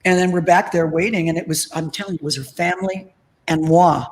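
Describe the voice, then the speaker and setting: A middle-aged woman, a tribute band singer, chatting as an interview guest and telling lively anecdotes full of acted-out quotes. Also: fairly low pitch, brisk, rough recording. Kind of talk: casual interview storytelling.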